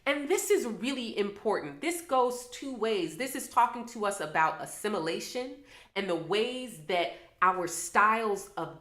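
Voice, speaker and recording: A woman's voice: medium pitch, bright, forceful tone. Impassioned woman in an echoey room. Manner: impassioned, preachy, rhetorical questions. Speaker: astrology and tarot reader. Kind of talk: livestreamed monologue to viewers. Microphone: camera mic on a livestream.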